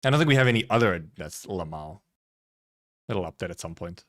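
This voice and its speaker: A man's voice: low-pitched, lively intonation, a little fast. A man from Finland, streaming and chatting casually, rambling, laughing often and swearing freely. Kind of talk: casual livestream commentary.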